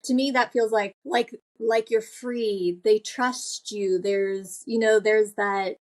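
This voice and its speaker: A woman's voice: medium pitch, fairly even intonation, takes it slowly. Enthusiastic woman podcast host. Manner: enthusiastic, gushing. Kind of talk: podcast interview talk.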